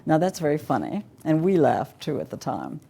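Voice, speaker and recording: A woman's voice: low voice, gravelly, dark tone, slightly rough. An older woman giving a talk at a conference, with dry, wry humor, reading cartoons aloud to the audience. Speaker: conference speaker. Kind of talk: lecture to an audience.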